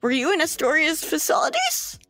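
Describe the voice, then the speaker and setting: A woman's voice: high-pitched, wildly swooping pitch, fairly quick, bright, forceful tone, faint music behind. A young woman who runs a tabletop game and narrates casually, rambling and swearing. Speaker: game master.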